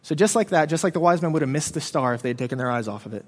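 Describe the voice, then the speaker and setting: A man preaches in a relaxed, conversational sermon aimed at students, telling a scripture story in his own everyday words. He speaks at a brisk clip and leans on casual fillers. His voice carries a long reverberant tail, as if recorded in a large hall. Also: fairly high pitch. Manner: conversational, retells the story with frequent "um" and "you know".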